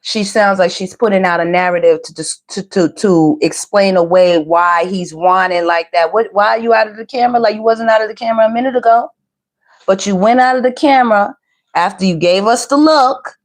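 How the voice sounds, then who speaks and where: A woman's voice: medium pitch, fairly even intonation, a little fast. A woman hosting a commentary video who stresses her points by repeating phrases. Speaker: tarot and celebrity commentary host. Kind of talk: commentary over played clips.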